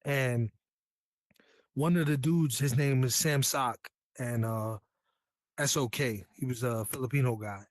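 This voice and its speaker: A man's voice: mid-range voice, a little slow, dry recording. A man from New York, a Navy veteran guest, telling his story in a candid, earnest, slangy way. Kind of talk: casual storytelling.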